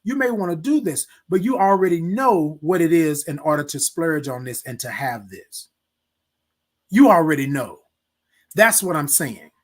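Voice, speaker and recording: Speaking at normal speed in an animated voice on the high side, an adult military veteran hosts a live morning stream. He gives viewers preachy motivational talk directly, repeating his key points.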